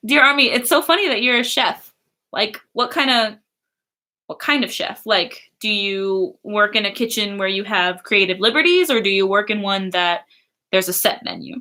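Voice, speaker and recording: A woman's voice: mid-range voice, measured pace, pauses often, pushed and bright. A young woman chatting casually on a livestream, reading chat and laughing often. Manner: giggly, chatty, many fillers.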